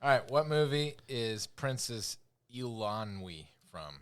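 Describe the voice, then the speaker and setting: A man's voice: medium pitch, expressive, slow pace, a bit bright, clean tone. A man co-hosting a casual podcast, running a trivia quiz and teasing the others with frequent laughs. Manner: teasing quizmaster, laughs often.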